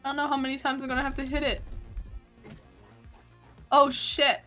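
An Australian woman talks her way through a game stream in a casual, excitable manner, swearing freely and letting out sudden yelps. Her voice sits a little high. Faint background music plays under her commentary. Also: moderate pace. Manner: excitable, swears a lot, bursts into yelps and laughs.

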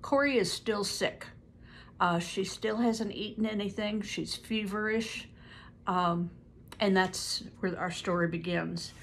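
Gravelly older woman reading a book aloud. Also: medium pitch, slow pace, a bit bright, a little hiss or hum. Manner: stops to explain words and events; stumbles over hard names.

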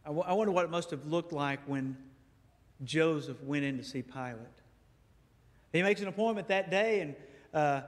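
A man preaching a sermon as a guest speaker, telling stories in a lively way and acting out dialogue in a church. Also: a little high, normal speed, pauses often. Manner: animated storytelling, acts out dialogue. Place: church sanctuary. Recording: echoey church hall.

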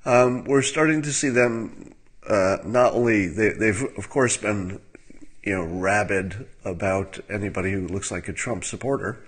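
A man giving casual livestream commentary in a wry, musing way, with fillers and soft laughs. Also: on the low side, unhurried, husky.

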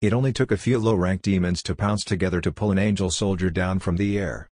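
A man narrating a fantasy audiobook with steady, even scripted reading. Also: sits low, a little fast, no room sound, clean studio sound.

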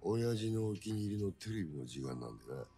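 Snarling yakuza thug. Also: male voice, lowish voice, very animated, racing, gravelly, dark tone, slightly rough, heavily acted. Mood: smug. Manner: snarling, taunting. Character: arrogant menacing male yakuza lieutenant. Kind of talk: game voice acting.

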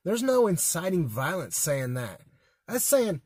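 A man's voice: high voice, very animated, a little slow, darkish tone, husky, no echo, clean studio sound. An American man giving an emphatic, folksy political monologue with blunt repetitions. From United States. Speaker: political commentator.

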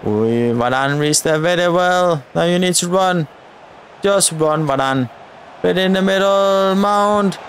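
A man's voice: high voice, a little slow, a little hiss or hum. A man giving live commentary over his football video game, urging the on-screen players on and talking to his viewers. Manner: addresses viewers directly. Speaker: gaming channel host.

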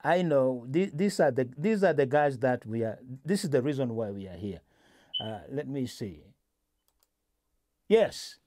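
A man's voice: mid-range voice, lively intonation, measured pace, mellow. A male host in a casual political discussion, talking with many restarts and fillers.

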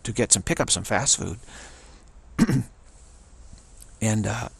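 A spiritual commentator with a middle-pitched voice speaks slowly and earnestly, his tone husky, slightly breathy and edged with gravelly creak. His intonation is lively, he keeps returning to the same phrases, and he often drifts into brief imagined exchanges.

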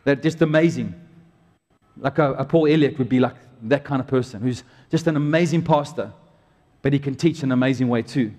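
A man preaching a sermon to his church in a chatty, joking way with animated bursts. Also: medium pitch, brisk. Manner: conversational, jokey preaching with animated outbursts. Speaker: pastor. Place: church auditorium. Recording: long hall reverb.

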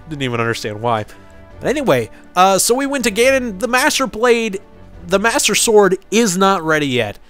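Joking, lively-voiced game commentator man. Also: sits high, normal speed, pauses often, faint music behind. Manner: joking, sarcastic, swears freely. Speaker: let's player.

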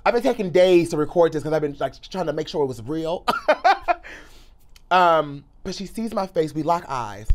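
A young man telling an excited storytime in a sassy, theatrical way, swinging between loud outbursts and hushed asides. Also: high voice. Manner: sassy, calls the listener girl and honey. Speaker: pop culture commentator and YouTuber.

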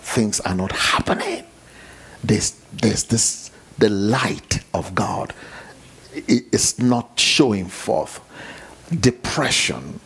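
A man preaching a sermon with repetition and emphasis, dropping to hushed tones and rising to near shouts. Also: on the low side, lively intonation, slow pace, breathy edge.

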